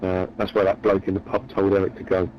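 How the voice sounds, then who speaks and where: A man's voice: low-pitched, completely flat delivery, quick pace, muffled recording, slight background noise. A man telling a long, rambling joke in a chatty, meandering way. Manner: meandering, chatty, repeats words. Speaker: storyteller.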